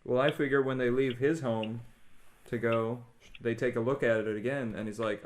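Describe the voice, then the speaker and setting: A man's voice: mid-range voice, steady tone, normal speed. A man chatting as a podcast guest, dropping short dry quips. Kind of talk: casual comedic chat.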